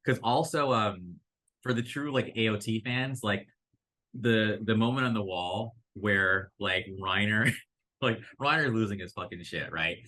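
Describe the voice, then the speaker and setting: Excitable low-voiced man chatting. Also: a little slow, poor audio. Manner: excitable, rambling, swears freely. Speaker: podcast co-host. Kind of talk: casual pop-culture chat.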